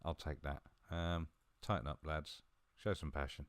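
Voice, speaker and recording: A man talking through a football management game he is playing, chatty and a little mumbling, with sudden bursts of excitement. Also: rumbling low, normal speed, few pauses, smooth, no echo, studio quality. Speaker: gaming video host. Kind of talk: live game commentary.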